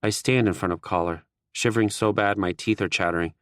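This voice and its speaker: A man narrating a first-person audiobook in a steady, wry manner. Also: lowish voice, a little fast, no room sound, studio quality.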